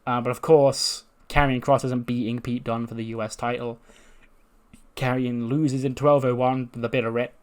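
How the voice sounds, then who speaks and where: Man at mid pitch, casual and crude, joking his way through a game. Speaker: gaming video host.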